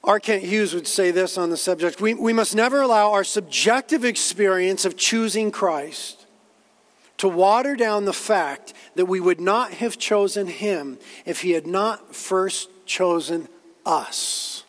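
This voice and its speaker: A man's voice: sits high, a little slow, in a large hall. A man preaching a sermon as a pastor, earnest, repeating himself and quoting others as he builds his point. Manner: earnest preaching with repetitions and quotations.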